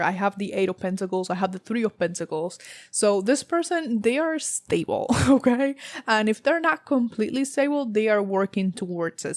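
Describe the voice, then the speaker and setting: A woman's voice: medium pitch, no echo, clean studio sound. A young woman with a slight Southern US accent giving a casual, rambling tarot reading, full of fillers and little laughs. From United States. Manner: chatty, rambling, laughs often, many fillers. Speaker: tarot reader.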